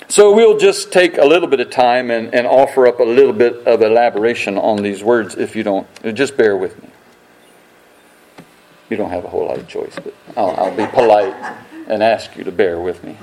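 A man's voice: a little high, darkish tone, low-quality recording. A man preaching a sermon in a folksy, conversational way, with homespun comparisons and joking asides. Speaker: pastor.

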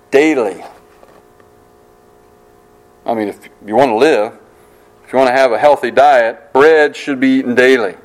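Earnest preacher, fairly high voice. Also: male voice, a bit bright, poor audio. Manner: earnest, repetitive preaching with emphatic slow phrases. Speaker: pastor. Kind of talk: sermon.

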